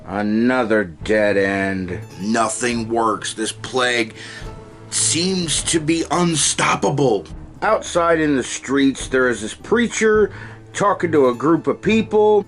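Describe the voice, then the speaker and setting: A man's voice: medium pitch, expressive, slow pace, a bit bright, soft background music. A man giving a casual, sarcastic and profane film review, retelling scenes.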